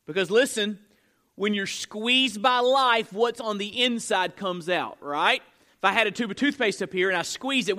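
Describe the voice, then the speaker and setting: A man's voice: high-pitched, sharp tone. A man preaching a sermon, asking the congregation rhetorical questions and using frequent fillers and restarts. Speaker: pastor.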